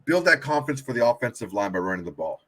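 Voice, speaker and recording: A man's voice: medium pitch, sing-song, quick pace, fairly bright tone. A man co-hosting a casual sports podcast, blunt and emphatic, swearing heavily. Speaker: podcast co-host.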